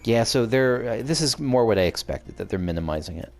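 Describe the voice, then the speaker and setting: A man's voice: medium pitch, expressive, brisk, darkish tone, faint music behind. A man giving casual, rambling, joking commentary while playing a video game. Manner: rambling, joking, many fillers. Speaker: let's play host.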